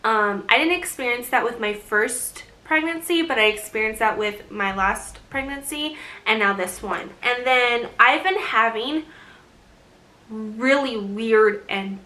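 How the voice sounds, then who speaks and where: A woman's voice: fairly high pitch, measured pace, bright, forceful tone. A young woman chatting in a casual vlog, rambling and laughing often, short of breath as she talks. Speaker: vlogger. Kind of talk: casual pregnancy update vlog.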